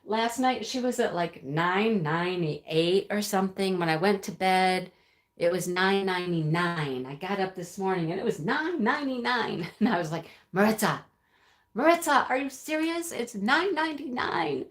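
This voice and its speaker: A woman's voice: lowish voice, expressive, normal speed. Woman on a casual livestream, bouncy voice, lots of laughs, echoey room. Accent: American. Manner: chatty, laughs often, reads out viewer comments. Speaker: livestream host. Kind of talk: casual live-stream chat. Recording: roomy echo.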